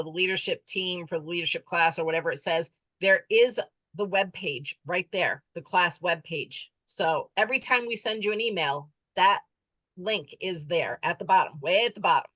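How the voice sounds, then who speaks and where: A woman leading an online class over a video call, friendly and chatty, her voice a little hoarse. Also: fairly low pitch, normal speed, sharp tone, no room sound, poor audio. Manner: friendly, chatty, says she is losing her voice. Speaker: class leader.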